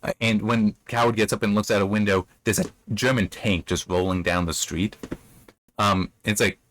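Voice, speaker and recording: A man's voice: fairly low pitch, steady tone, normal speed, fairly bright tone, slight background noise. A man hosting a book review, casually retelling a chapter with loose phrasing, fillers and self-corrections. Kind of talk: casual chapter recap and commentary.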